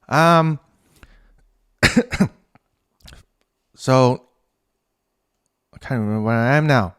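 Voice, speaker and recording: A man's voice: medium pitch, clean tone. A man with a New Zealand accent hosting a casual solo podcast. He rambles, swears freely and laughs at his own tangents. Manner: rambling, profane, quick to laugh at himself. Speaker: podcast host.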